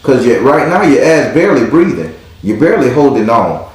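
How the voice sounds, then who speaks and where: A man's voice: mid-range voice, big pitch swings, brisk, darkish tone. A man giving a live tarot reading in a blunt, profane, hyped-up way. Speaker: tarot reader. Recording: very echoey room.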